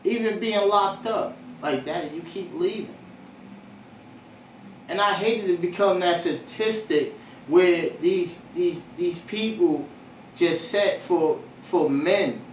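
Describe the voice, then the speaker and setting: A man's voice: sits high, slow pace, slight background noise. A man in casual podcast chat, telling stories candidly and rambling, often saying "you know what I mean". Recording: roomy distant mic.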